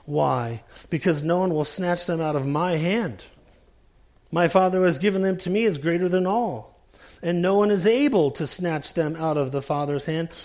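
At a normal speed, a male pastor preaches with emphasis, sinking into hushed, low lines to underline his message before a communion prayer.

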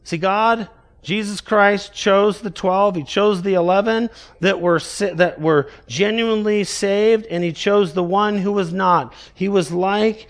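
A man preaching an expository sermon, raising his voice to read scripture and dropping low to stress single words. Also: steady tone, measured pace. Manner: emphatic, raises voice for scripture quotes, drops low for key words.

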